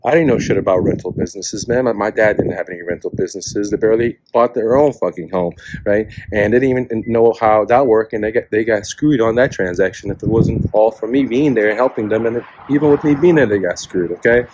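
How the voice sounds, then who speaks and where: A man's voice: lowish voice, brisk, noisy background. A man in his forties, a real estate coach, giving a blunt, profanity-laced motivational talk packed with "man" and "bro". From refugee to the US. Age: 40s.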